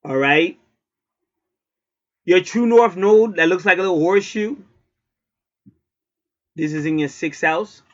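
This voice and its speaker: Give me a blunt, preachy male astrologer with a fairly high voice, on a dull lo-fi recording. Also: a little slow, long pauses. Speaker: astrologer and card reader. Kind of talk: casual spoken reading.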